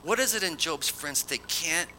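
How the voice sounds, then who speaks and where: A man preaching an expository sermon, reading scripture dramatically and swinging from loud emphatic lines to hushed, near-whispered ones. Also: fairly high pitch, animated, moderate pace, slight background noise.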